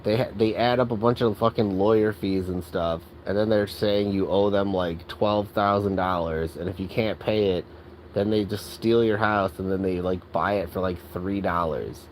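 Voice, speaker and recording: A man with a lowish voice vents in an exasperated, profanity-laced rant. He speaks casually with lots of filler words. A faint hum of traffic sits behind him. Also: fairly even intonation, normal speed, rough recording. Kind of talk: angry rant.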